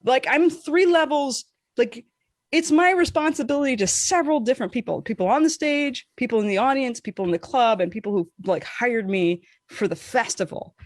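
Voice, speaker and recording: A woman podcast co-host telling a casual, animated story, swearing freely and acting out what people said. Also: fairly quick, no room sound, studio quality. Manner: animated, profane, acts out quotes with big pitch swings.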